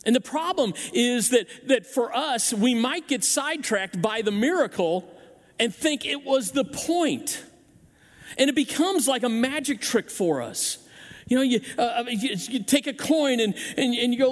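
A man's voice: very high-pitched, moderate pace, big-room sound. A man preaching a sermon as pastor, telling stories with acted-out voices and often restarting his words. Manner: animated storytelling with acted-out voices; frequent restarts and repeated words. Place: church sanctuary.

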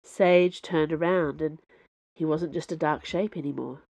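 Low-voiced woman reading her own fiction. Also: steady tone, gravelly, darkish tone. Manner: measured storytelling. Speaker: podcast host and author reading her fiction. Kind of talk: audiobook narration.

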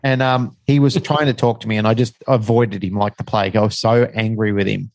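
A man's voice: fairly low pitch, fairly even intonation, brisk, darkish tone, no echo. A middle-aged man, telling a personal story as a guest in a frank, rambling, self-deprecating way.

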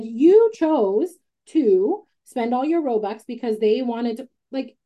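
A woman hosting a candid casual chat, talking emphatically, swearing freely and telling stories in an animated way. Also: fairly high pitch, takes it slowly, hardly any pauses, muffled recording. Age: adult with a child. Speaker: podcast host.

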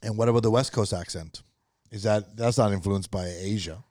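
A man's voice: lowish voice, a little fast, darkish tone, no room sound. A man in casual podcast chat, dropping wry, dry one-liners. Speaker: podcast co-host.

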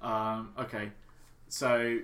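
A man narrating as game master of a tabletop game, halting and full of fillers. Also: fairly low pitch, level tone, fairly bright tone.

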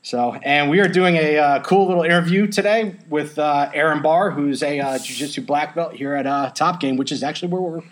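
Male podcast host, playful and theatrical, voice a little high. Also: fairly quick, few pauses. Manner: playful, theatrical mock-lawyer delivery. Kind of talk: mock courtroom speech, then casual podcast chat.

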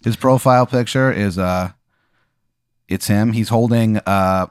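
A man's voice: on the low side, a little slow, smooth, no room sound, studio quality. A man narrating an improvised tabletop game as game master, in a loose, rambling, playful way.

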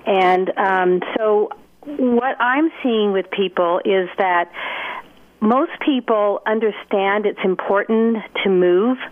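A woman guest expert explains steadily, laying out points with frequent ums. Her voice comes through a thin, narrow phone line. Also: mid-range voice. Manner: clear, explanatory, many ums. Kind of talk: interview explanation.

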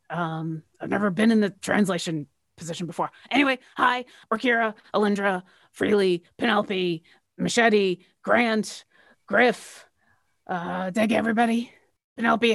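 A woman player in a tabletop game with a gravelly, fry-laced voice, recorded close and dry. She talks in a chatty, playful way. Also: medium pitch, moderate pace, a bit bright, no room sound. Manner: chatty, playful, self-aware. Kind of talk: tabletop role-play.

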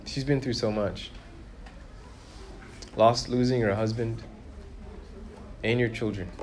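A man preaching a sermon, who asks his listeners questions and grows louder and higher when he makes a point. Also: slow, a little hiss or hum. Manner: lively, rises in pitch and volume for emphasis, asks the congregation questions.

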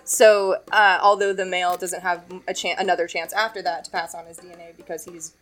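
A woman's voice: lowish voice, level tone, fairly quick, fairly bright tone, faint music behind. A woman hosting a podcast, explaining facts in casual chat and laughing often. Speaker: podcast host.

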